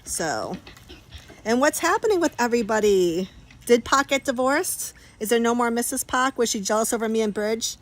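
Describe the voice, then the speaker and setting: A woman's voice: on the high side, animated, moderate pace. A woman chatting casually on a livestream from her backyard pool, laughing often and talking to her dogs.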